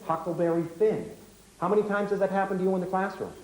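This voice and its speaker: A man leads a teaching workshop, firing rapid questions at his audience and then explaining. His voice sits high for a man. The recording carries the ring of a large, echoey hall. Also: little pitch movement, a little mellow. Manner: brisk, rapid-fire questioning. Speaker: workshop leader.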